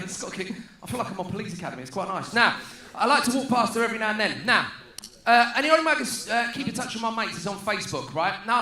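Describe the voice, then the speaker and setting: A man's voice: high voice, bright, forceful tone, echoey room. A man from Luton with a southeast English accent doing a cheeky, playful stand-up set and calling out to the crowd. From Luton, England. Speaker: stand-up comedian. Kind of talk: stand-up routine. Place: large stadium conference venue.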